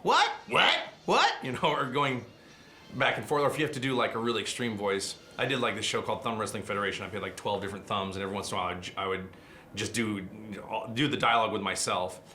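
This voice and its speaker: A middle-aged man, a voice actor, telling animated stories in a casual interview. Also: lowish voice. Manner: fast, animated anecdotes with quick asides.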